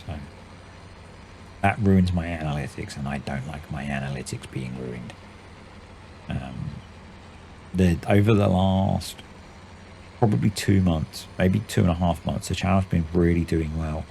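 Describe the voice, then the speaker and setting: A man in his forties talks through a game session in a loose, rambling way, in a deep voice with a gravelly edge. He calls his own delivery usually monotone. Faint background noise sits under the recording. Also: unhurried, pauses often. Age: 40s. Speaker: gaming channel host. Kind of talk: casual let's-play commentary.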